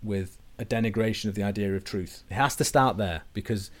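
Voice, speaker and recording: A man, hosting a conversation and explaining ideas in a measured way, often dropping low and quiet at the ends of phrases. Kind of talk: conversational discussion.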